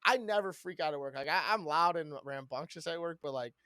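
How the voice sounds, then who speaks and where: Brief: male podcast co-host, rambling and profane, higher voice, dry close sound. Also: fairly quick, dry recording. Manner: loud, profane, rambling venting. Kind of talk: casual podcast chat.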